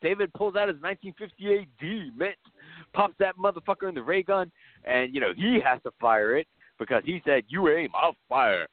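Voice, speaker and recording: A man's voice: sits high, brisk, dry recording. A man co-hosting a casual podcast, recapping a movie plot with lots of laughter and swearing. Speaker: podcast co-host. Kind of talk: casual chat. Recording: dry, tinny phone-like sound.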